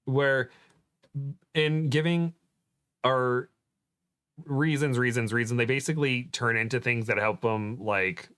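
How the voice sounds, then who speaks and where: A man's voice: medium pitch, fairly even intonation, a little slow, long pauses, fairly bright tone, clear, resonant tone. A chatty man with a mid-range voice, reading a novel aloud and chatting casually. He rambles and restarts his sentences often. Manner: rambling, chatty, filler-heavy.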